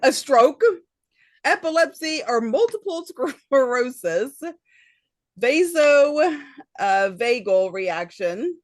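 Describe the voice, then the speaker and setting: A woman's voice: high voice, expressive, slow pace, no echo, clean studio sound. A woman co-hosting a podcast in casual chat, laughing often and sometimes trailing off mid-thought. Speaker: podcast co-host.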